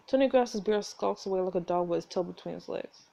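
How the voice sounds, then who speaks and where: A woman reading a story game aloud in a playful, animated way as narrator. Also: mid-range voice, quick pace, gravelly, few pauses. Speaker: gameplay narrator.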